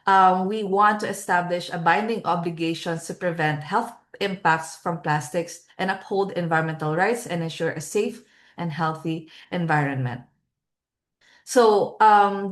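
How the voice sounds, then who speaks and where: Earnest woman hosting a webinar. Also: lowish voice. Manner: earnest, with frequent filler pauses. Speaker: webinar host. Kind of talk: webinar closing remarks. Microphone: video call.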